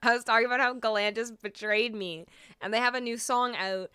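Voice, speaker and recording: A woman's voice: fairly high pitch, fairly even intonation, brisk, sharp tone, clean tone, no room sound. A woman livestream host chatting casually and emotionally between songs, reading out viewers' comments, with many fillers and laughs. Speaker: streamer and singer.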